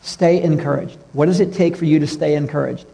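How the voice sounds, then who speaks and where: A middle-aged man preaching a sermon as a pastor, telling stories and dropping to a soft hush for tender moments. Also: a little high, steady tone, brisk, creaky, breathy edge, long reverb tail. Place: church sanctuary.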